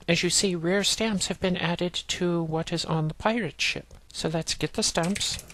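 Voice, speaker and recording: A woman narrating a walkthrough of an old text adventure game, plainly reading commands and game text aloud and explaining each step. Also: lowish voice. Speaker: let's play narrator. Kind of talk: let's play walkthrough narration.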